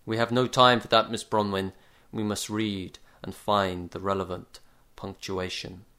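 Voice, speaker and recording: A man's voice: lowish voice, flat delivery, unhurried, sharp tone, clean tone. A man voicing a stiff, scheming reading-group leader with a clipped, grave manner. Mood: brisk.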